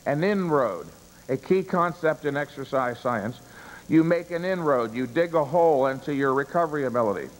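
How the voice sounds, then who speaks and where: A man lectures a seminar audience, pressing hard on key words and stopping to answer his own questions. His voice sits a little high. A long reverb trails behind every phrase. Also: lively intonation. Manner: emphatic, poses rhetorical questions and answers them; stresses key words deliberately. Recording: reverberant room, long echo.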